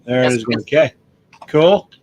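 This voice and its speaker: A man hosting a relaxed, joking hobby chat. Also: medium pitch, measured pace, slight background noise. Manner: relaxed, joking, talks while unboxing. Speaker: host. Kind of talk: casual chat.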